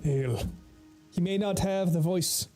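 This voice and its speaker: A young man casually chatting through a gaming stream, relaxed, swearing and laughing. His voice is high-pitched yet mellow and dark in tone. Soft music runs quietly underneath. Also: fairly quick. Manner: laid-back, swearing, laughing often. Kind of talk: casual gameplay commentary.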